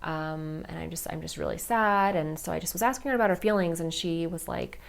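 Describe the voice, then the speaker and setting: A woman in her thirties with a slightly low voice hosts her own podcast. She talks candidly and from the heart, with a loose, chatty delivery full of fillers. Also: a little fast, creaky, hardly any pauses. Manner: candid, heartfelt, many fillers like "like" and "you know". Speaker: podcast host. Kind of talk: personal storytelling podcast.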